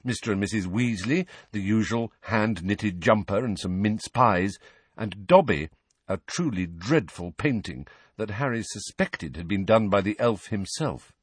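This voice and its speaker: A man narrating a fantasy audiobook in a low, husky voice. His reading rises and falls expressively, close to the mic in a dry space. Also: expressive, a little slow, no room sound.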